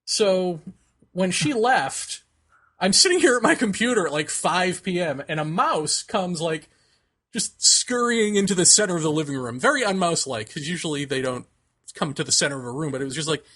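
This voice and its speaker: A man co-hosting a podcast, telling a long personal story in casual chat. His voice is bright and sits a little high for a man. He laughs often and acts out the people he quotes. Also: animated, moderate pace. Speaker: podcast co-host.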